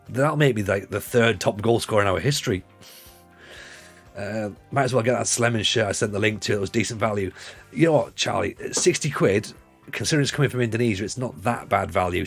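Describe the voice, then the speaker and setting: A man's voice: lowish voice, creaky, slightly rough. Chatty northeast English man in his forties. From Northeast England. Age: 40s. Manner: rambling, chatty, laughs easily. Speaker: livestreamer. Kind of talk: casual chat on a livestream.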